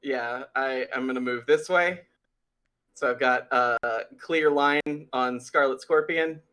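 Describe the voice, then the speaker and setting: A man's voice: mid-range voice, slow pace, sharp tone, clean tone. A man playing a tabletop game, talking through his moves. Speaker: player.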